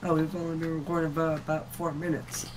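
A man's voice: a little high, little pitch movement, fast, background noise. A man chatting with friends over a cheap earbud mic while they play a game, easygoing and full of questions. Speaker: friend playing along on a call. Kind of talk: casual gaming chat with friends.

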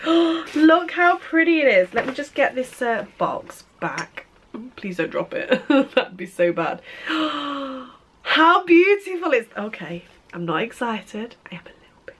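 Bright-voiced, gushing British woman vlogger. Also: on the high side, a little hiss or hum. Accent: British English. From Britain. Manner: gushing, chatty, with frequent laughs and gasps. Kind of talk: casual unboxing chat.

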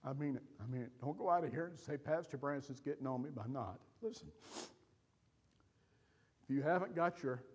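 A man in the middle of his register delivers an emotional sermon from the pulpit, pleading and then pressing hard with loud, emphatic appeals. His voice rings out through a church with a long reverb tail. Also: medium pitch. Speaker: pastor. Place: church sanctuary.

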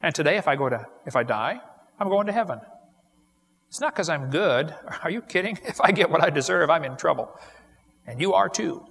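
A man's voice: a little high, animated, a little fast, creaky, a bit bright, husky. A man preaching a sermon in a folksy, joking way, then giving a plain gospel appeal. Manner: folksy storytelling, laughs at his own jokes. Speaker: evangelist preacher. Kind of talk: sermon with jokes and altar call.

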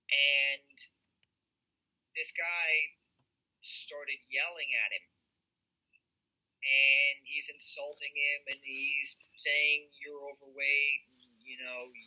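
A man's voice: a little high, bright, forceful tone, lo-fi sound. A man with a law enforcement background, chatting casually and telling anecdotes, acting out the people he quotes. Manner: anecdotal, acts out quoted voices. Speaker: guest. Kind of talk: casual storytelling chat.

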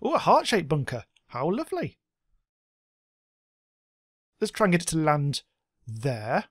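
Man, casual game commentary, excitable, swears a lot, goofy sound effects, dry close sound. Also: on the high side, measured pace, husky, dry recording. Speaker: gameplay commentator. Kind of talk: casual let's-play commentary.

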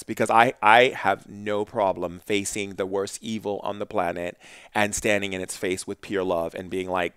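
Male guest storyteller, intense and animated, smooth voice, dry close sound. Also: fairly low pitch, moderate pace, no echo. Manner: intense, animated storytelling with restarts, dropping soft for quotes. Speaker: shaman, podcast guest. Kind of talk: storytelling in conversation.

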